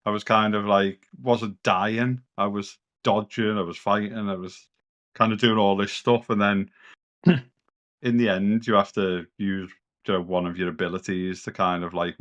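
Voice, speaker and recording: A man's voice: lowish voice, steady tone, normal speed, a bit bright, highs cut off. A British man chatting casually as a co-host on a gaming podcast, rambling and a bit sweary. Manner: rambling, loose and sweary, lots of "kind of".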